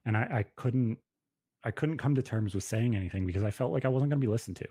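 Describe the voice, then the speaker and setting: A man's voice: mid-range voice, quick pace, warm tone, breathy edge. A man in his thirties telling a personal story on a podcast in a blunt, profane, emphatic way. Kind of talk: casual podcast conversation.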